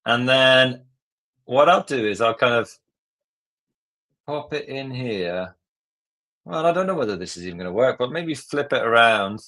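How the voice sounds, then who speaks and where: A man's voice: medium pitch, animated, a little slow, long pauses, sharp tone. A man from Northern Ireland leading a live online design lesson in a casual, chatty way, thinking aloud as he works. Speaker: tutor.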